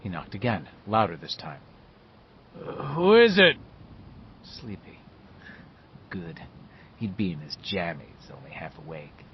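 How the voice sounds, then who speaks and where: A man reading a novel aloud as scripted narration, telling the story in a measured, lively way. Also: rumbling low, muffled recording, slight background noise. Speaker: audiobook narrator.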